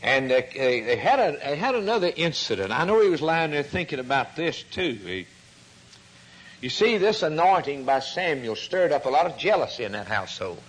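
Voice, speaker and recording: A man's voice: big pitch swings, normal speed, husky, poor audio. A man preaching a sermon, telling a story and acting out the quoted voices. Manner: storytelling preacher, acts out quoted voices, rises in pitch when stirred.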